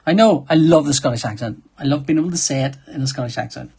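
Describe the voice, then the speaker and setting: A man's voice: on the high side, fast, few pauses, darkish tone, breathy edge. A man hosting a live drawing stream, chatting in a rambling, self-deprecating way and reading viewer comments aloud. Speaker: livestream host drawing sketches. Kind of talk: casual chat while drawing.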